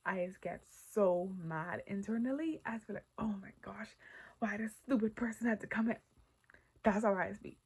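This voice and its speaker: A woman with a husky, breathy voice gives heartfelt Christian encouragement in a casual, candid way. Her delivery often sinks to a near-whisper, then rises and grows animated as she shares stories from her own life. Her pitch sits in a middle register. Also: rough recording. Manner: grows loud and animated when telling personal stories. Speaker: Christian speaker.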